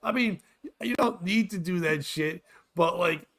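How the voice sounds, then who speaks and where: Man, forties, high-pitched, podcast host, crude animated rant. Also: unhurried, gravelly. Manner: profane, loud, animated ranting.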